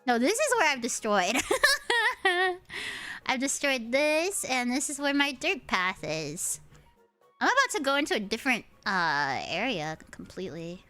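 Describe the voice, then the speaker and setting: High cutesy-voiced young woman streamer. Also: moderate pace, soft background music. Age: early 20s. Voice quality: high, cutesy anime-girl-like voice. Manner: animated ranting with frequent swearing. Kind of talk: casual gaming stream chatter.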